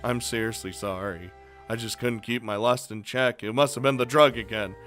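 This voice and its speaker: A man's voice: medium pitch, steady tone, moderate pace, a bit bright, soft background music. A young man casually commenting and reading aloud while playing a visual novel, joking and rambling. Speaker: let's play host.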